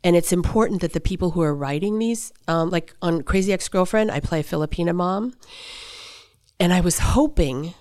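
A middle-aged actress and voice performer telling stories in a conversational interview, her pitch jumping up for emphasis. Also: moderate pace. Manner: animated storytelling, pitch jumps for emphasis.

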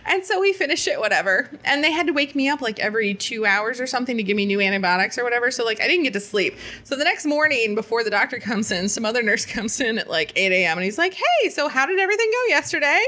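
A young woman casually telling a story, animated and swearing freely, acting out quoted lines as she laughs. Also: a little high, quick pace, few pauses.

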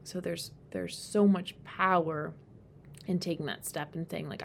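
A woman hosting a solo podcast, talking candidly and rambling, swearing freely and getting animated when she quotes herself. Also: a little slow, vocal fry. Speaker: podcast host. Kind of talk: casual solo podcast monologue. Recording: faint background rumble.

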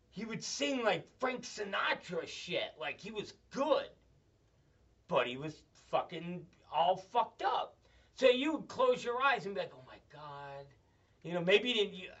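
Crude rambling guy telling stories, high bright voice, sounds far off and muffled. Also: husky. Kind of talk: rambling comedic storytelling. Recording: dull, slightly distant mic.

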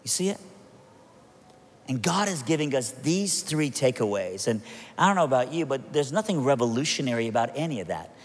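A man preaching a sermon, telling a story with lively acted-out quotes and joking asides before turning to prayer. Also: mid-range voice, fairly quick. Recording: long hall reverb.

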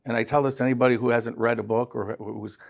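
A male guest who talks quickly with a gravelly, creaky edge. He speaks earnestly and encouragingly, sharing lessons in a relaxed chat. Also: mid-range voice. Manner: earnest, motivational. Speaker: company president, guest. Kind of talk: casual conversation.

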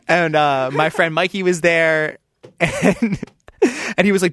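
A man's voice: on the high side, sing-song, measured pace, long pauses, a bit bright, dry recording, studio quality. A man, a band's lead singer, telling rambling anecdotes as a podcast guest and acting out the people he quotes. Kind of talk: casual interview storytelling.

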